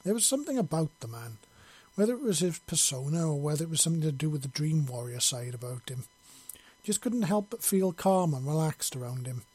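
A man narrating a story in a steady, plain reading voice. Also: a little high, brisk, slightly rough.

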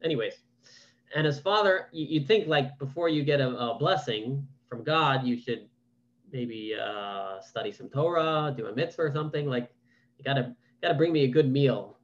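A man with a medium-pitched voice teaches a Torah class over a video call at a moderate pace, reading verses aloud and then asking questions in a casual, conversational manner. It's an online Bible class with relaxed commentary, and the audio has its highs cut off.

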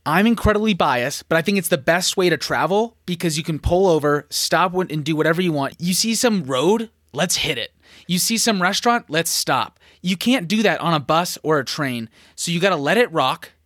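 Young male co-host, punchy and hyped, slightly high voice, dry close mic. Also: lively intonation, moderate pace, fairly bright tone, no echo. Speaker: podcast co-host. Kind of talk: casual podcast chat.

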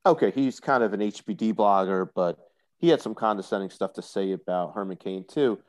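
A man's voice: on the low side, brisk. A man talking as a guest on a casual podcast, opinionated and explanatory. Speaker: guest commentator.

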